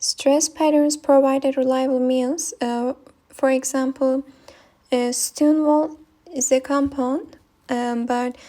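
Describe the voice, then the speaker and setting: Slowly and with little pitch movement, a young non-native speaker with a Turkish accent reads through a linguistics presentation. Her voice is high-pitched and mellow, and she hesitates a lot, with many ums and uhs.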